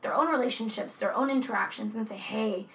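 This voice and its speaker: A woman co-hosts a casual true-crime podcast, chatting loosely and swearing freely. Her mid-range voice is fairly bright with some vocal fry, and she talks a little fast. The room is echoey, with faint background noise.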